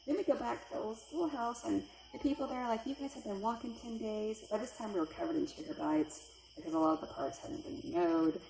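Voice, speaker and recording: A middle-aged woman telling a personal spooky story, lively and acting out the voices of the people in it. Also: a little fast, vocal fry, slight background noise. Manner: animated, acts out quoted voices with big pitch jumps. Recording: echoey room with faint ambience.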